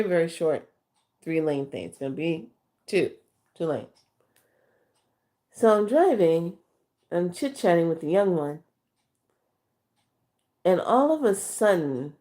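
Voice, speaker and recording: A woman's voice: low voice, a little mellow. A middle-aged woman, a spiritual teacher, telling rambling, chatty stories to her followers with fillers and acted-out quotes. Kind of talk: casual storytelling to followers.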